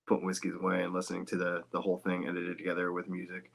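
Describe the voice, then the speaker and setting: A man, a guest voice actor, talking in a loose, rambling podcast chat with casual swearing and quick asides. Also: deep voice, completely flat delivery, creaky.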